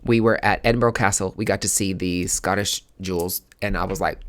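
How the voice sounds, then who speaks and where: A male podcast host with a somewhat low voice tells a personal story in a loose, casual way. He speaks candidly and with open emotion, often restarting his sentences. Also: fairly even intonation, a little fast. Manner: candid, emotional, given to filler words and restarts.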